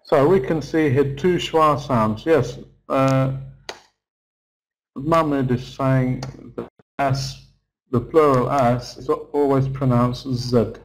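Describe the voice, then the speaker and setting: A middle-aged man leads an online English pronunciation lesson. He speaks very slowly and patiently, drawing words out to model each sound. His voice sits at an ordinary, middle pitch. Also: fairly even intonation, rough recording. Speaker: English teacher.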